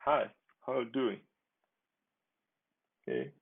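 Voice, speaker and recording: A man giving a relaxed, chatty demo of his own software, restarting phrases and chuckling now and then. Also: mid-range voice, slow pace, creaky, breathy edge. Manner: relaxed, chatty, with frequent restarts and small laughs. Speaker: software developer demoing his app. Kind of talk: casual screen-recorded software demo. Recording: tinny phone-like sound.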